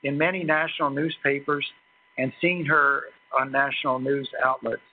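A man giving a formal introduction of a guest speaker at a lecture, halting often with fillers and restarts. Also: medium pitch, flat delivery. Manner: hesitant, many fillers and restarts. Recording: tinny phone-like recording.

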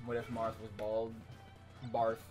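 A man's voice: fairly low pitch, completely flat delivery, measured pace, music in the background. A man casually commentating his own gameplay on a live stream, self-mocking and swearing when frustrated.

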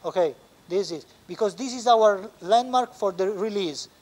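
High-voiced Italian surgeon teaching. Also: male voice, a little mellow. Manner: explains step by step, halting with frequent pauses. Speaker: orthopedic surgeon. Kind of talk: live surgical teaching demonstration. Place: operating room.

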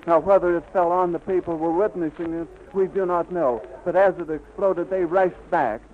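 A man giving a live on-the-scene radio report, with vivid, flowing eyewitness description on a 1930s disc recording. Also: high-pitched. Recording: dull, lightly hissy 1930s disc recording.

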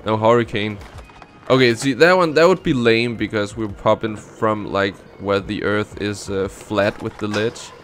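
A man's voice: fairly low pitch, a little slow. A man hosting a gaming channel, giving casual commentary and thinking aloud as he plays, with faint background music. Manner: relaxed, thinking aloud while playing.

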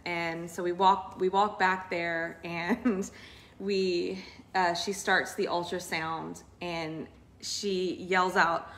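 Earnest woman telling a testimony. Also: on the low side. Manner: emotional, earnest, animated retelling. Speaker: co-host sharing a testimony. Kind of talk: casual testimony storytelling.

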